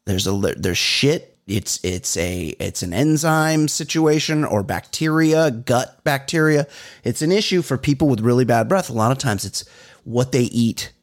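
A middle-aged man co-hosting a comedy podcast in casual chat, acting out little exchanges with big swings in his voice. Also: moderate pace. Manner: animated, acts out exchanges with big pitch jumps. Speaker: podcast co-host.

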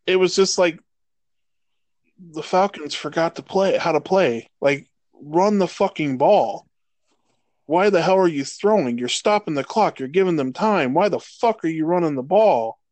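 A man in his thirties co-hosting a casual sports podcast, swearing freely and ranting with animated energy. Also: on the high side, dry recording. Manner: profane, animated rants. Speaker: podcast co-host.

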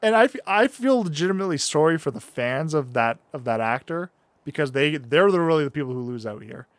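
Male co-host, slightly high voice, profane and emphatic, dry close mic. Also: animated, fairly quick, dry recording. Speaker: podcast co-host. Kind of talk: casual chat.

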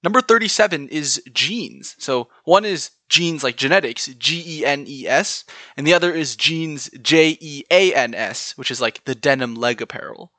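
A man's voice: on the high side, moderate pace, pushed and bright, dry recording. A man with a General American accent hosting a solo podcast, chatting through word lists and spelling words out letter by letter. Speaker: podcast host.

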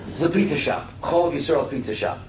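Middle-aged new guy telling a moral story, lively and heartfelt, echoey room, mic kinda far. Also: fairly high pitch, fast. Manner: animated, heartfelt, acts out voices. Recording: roomy and distant with faint hiss.

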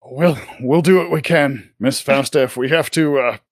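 A man's voice: medium pitch, moderate pace, no room sound, clean studio sound, lightly acted. A man playing an obliging ship captain who promises to do all he can. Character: gruff male ship captain, eager to help.

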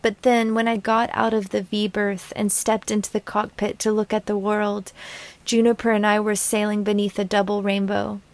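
A woman's voice: mid-range voice, flat delivery, moderate pace, darkish tone, dry recording. A woman reading her own sailing memoir aloud in a dreamy, poetic manner. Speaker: narrator.

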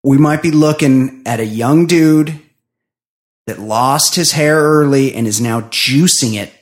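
A man co-hosting a podcast in casual chat, animated and jokey, swearing freely as he speculates. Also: mid-range voice, a little slow. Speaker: podcast co-host.

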